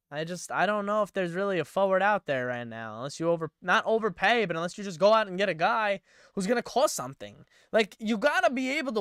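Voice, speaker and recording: A man's voice: sits high, fairly bright tone, clean tone, no room sound, clean studio sound. A young man rambling through live-stream sports commentary, thinking aloud and getting himself worked up.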